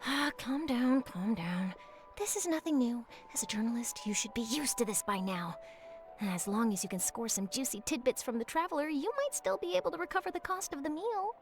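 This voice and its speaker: A woman's voice: high voice, very animated, normal speed. A woman voicing a nosy, scoop-hungry young female newspaper reporter with theatrical, gossipy asides. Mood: dramatic. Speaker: journalist. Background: game music.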